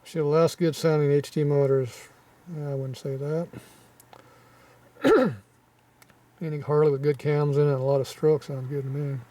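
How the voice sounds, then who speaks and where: Gruff man with a scratchy throat. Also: fairly high pitch, dark tone, far from the mic. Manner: gruff, offhand, muttering asides. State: scratchy throat, frequent throat clearing. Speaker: channel host reading viewer comments. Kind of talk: casual rambling commentary.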